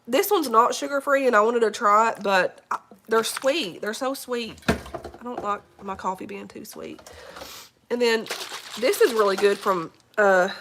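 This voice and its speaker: A woman with a fairly high, fairly bright voice rambles chattily through a casual morning live chat from home while sick with covid, turning aside between thoughts to speak to her dog. She's a vlogger, and a little hiss or hum sits under the audio.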